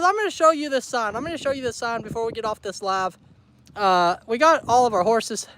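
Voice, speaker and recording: High-voiced man chatting outdoors. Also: a little hiss or hum, low-quality recording. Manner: talks to viewers and animals, emotional, soft coaxing. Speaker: homestead vlogger on a livestream. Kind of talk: casual livestream chat. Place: outdoors on a rural homestead.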